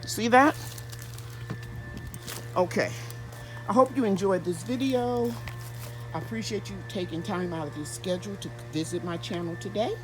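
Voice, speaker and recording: A woman's voice: mid-range voice, normal speed, long pauses, music in the background, poor audio. A woman hosting a gardening vlog outdoors in her home garden, chatting and explaining each step as she works. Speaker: gardening channel host. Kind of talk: casual vlog narration.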